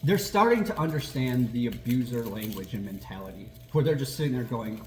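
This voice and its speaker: A man hosting a casual political chat, animated and quick to laugh, swearing and acting out quotes as he talks. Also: medium pitch, echoey room, a little hiss or hum. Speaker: podcast host.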